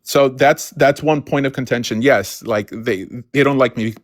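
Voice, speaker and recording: A man's voice: mid-range voice, moderate pace, no room sound, studio quality. A man on a casual live stream explaining his views earnestly, often adding "you know" and "right". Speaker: guest.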